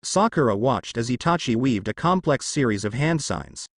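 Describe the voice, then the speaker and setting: A man reading a fan-fiction story with expressive, animated pitch. His voice is recorded close and dry, with no room sound. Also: moderate pace, dry recording. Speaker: narrator.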